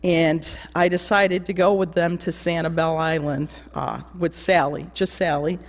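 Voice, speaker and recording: A woman's voice: lowish voice, fairly even intonation, unhurried. Woman eulogist, anecdotal and laughing, long church reverb. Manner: anecdotal, laughing, mimics voices. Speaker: eulogy speaker. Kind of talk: memorial remembrance.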